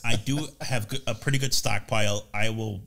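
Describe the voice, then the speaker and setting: Bright-voiced man telling stories. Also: lowish voice, moderate pace, gravelly, rough recording. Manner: animated storyteller, does quoted voices. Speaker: podcast co-host. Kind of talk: casual chat.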